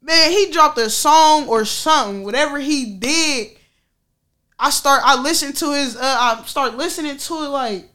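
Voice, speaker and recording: At a moderate pace, a woman whose voice sits high and sounds pushed and bright shares a personal story with her viewers. The vlogger is frank and slangy, swears, and laughs a lot.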